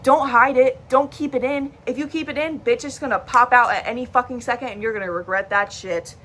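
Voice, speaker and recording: Fairly quick and on the high side, a young adult woman's bright voice carries her candid personal talk to camera. As a vlogger recording on a device she faces, she comes across as blunt and emphatic and swears freely.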